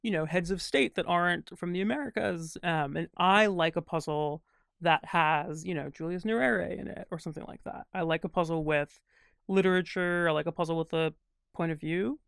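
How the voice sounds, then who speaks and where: A man chatting as a guest in an interview, thinking out loud in long, winding sentences full of fillers. His voice has a gravelly fry but stays smooth and resonant underneath. The sound is dry and close. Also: high voice, moderate pace, no room sound. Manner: thoughtful, rambling with many fillers. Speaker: guest crossword constructor. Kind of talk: casual interview conversation.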